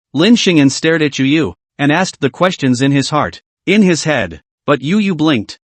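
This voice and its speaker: A man narrating a comic story recap in a steady storytelling way. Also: on the high side, moderate pace, hardly any pauses, no room sound.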